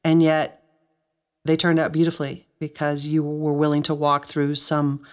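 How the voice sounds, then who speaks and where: A woman's voice: low voice, monotone, normal speed, clear, resonant tone. Earnest woman podcast host, choked up. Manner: encouraging, speaks to listeners. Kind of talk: heartfelt interview chat.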